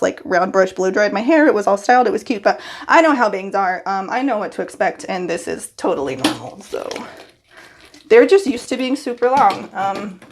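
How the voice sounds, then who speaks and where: A woman's voice: mid-range voice, slight background noise. A young woman hairstylist talking to her phone in her bathroom, nervous and giggly as she chats to herself. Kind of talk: casual vlog self-talk. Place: bathroom at home.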